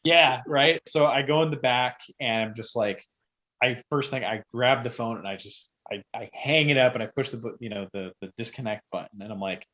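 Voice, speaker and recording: A man who is a guest on a podcast, telling a story casually and rambling, with sudden loud bursts when he acts out quotes. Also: mid-range voice, a little fast.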